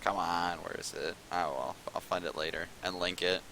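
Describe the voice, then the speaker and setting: A man hosting casual commentary on a video game match, chatting and rambling in a relaxed way. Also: sits low, normal speed, background noise. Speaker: esports caster.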